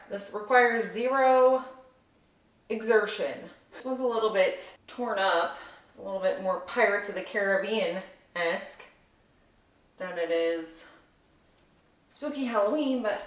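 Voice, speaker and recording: A woman's voice: medium pitch, unhurried, pauses often. Chatty woman decorating in a roomy room. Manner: chatty, upbeat, thinks aloud while working. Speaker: home decor vlogger. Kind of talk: casual decorating vlog chat. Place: home living room by a fireplace.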